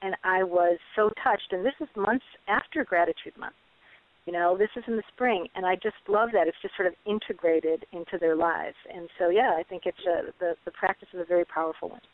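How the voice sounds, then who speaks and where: A woman's voice: on the low side, fairly quick, no echo. A middle-aged woman, a parenting author, telling stories earnestly in a webinar interview and acting out her children's voices. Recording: tinny phone-like webinar audio.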